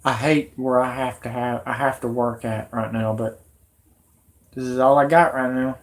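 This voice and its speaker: A man in his thirties hosting a live stream, rambling and growing agitated, with shouty outbursts. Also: medium pitch, steady tone, moderate pace.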